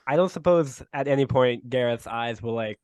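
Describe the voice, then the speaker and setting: Man player, mid voice, deadpan jokes, dry sound. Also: mid-range voice, normal speed, clear, resonant tone, dry recording. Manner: deadpan joking. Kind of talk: casual tabletop play.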